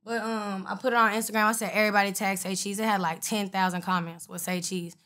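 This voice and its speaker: A woman's voice: mid-range voice, little pitch movement, quick pace, sharp tone. Blunt, profane woman rapper. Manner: blunt, profane, retells exchanges with quoted voices. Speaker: rapper, interview guest. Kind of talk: casual interview storytelling.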